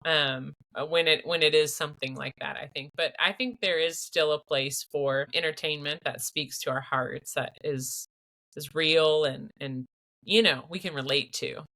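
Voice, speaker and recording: A woman's voice: sits low, fairly even intonation, moderate pace, sharp tone. A woman hosting a podcast interview, talking in an enthusiastic, chatty way. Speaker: podcast host. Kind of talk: casual interview.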